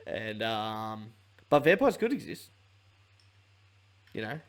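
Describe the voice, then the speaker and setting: A man's voice: fairly low pitch, big pitch swings, takes it slowly. A man hosting a solo sports podcast, rambling and swearing freely with frequent laughs. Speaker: podcast host.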